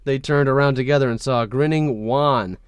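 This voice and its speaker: Male comedy podcast host, smooth clear voice, dry close mic, mock-dramatic reader. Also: medium pitch, moderate pace, dry recording. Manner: reads aloud with mock-dramatic character voices, laughing at the text. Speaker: podcast host reading fan fiction aloud.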